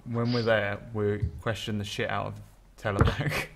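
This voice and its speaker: A man's voice: lowish voice, slow, vocal fry, heavy background noise. A man who jokes, rambles and swears freely in casual tabletop game talk.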